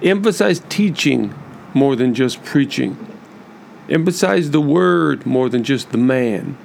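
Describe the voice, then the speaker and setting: A man hosting a podcast, speaking earnestly and emphatically to church leaders in a measured monologue with many repeated lists. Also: mid-range voice, lively intonation, gravelly, a little mellow, a little hiss or hum. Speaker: podcast host.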